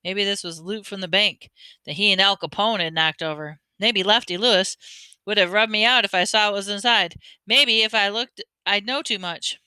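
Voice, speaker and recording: Woman reading a kids' book out loud, bright and smooth, lively. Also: medium pitch, normal speed, no echo. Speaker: audiobook reader. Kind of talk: reading a children's novel aloud.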